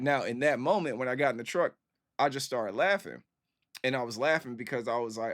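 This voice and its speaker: A man's voice: mid-range voice, fast, fairly bright tone, dry recording, studio quality. A man hosting a music reaction video, chatting casually and rambling with lots of filler phrases. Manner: rambling, conversational, lots of "you know what I'm saying".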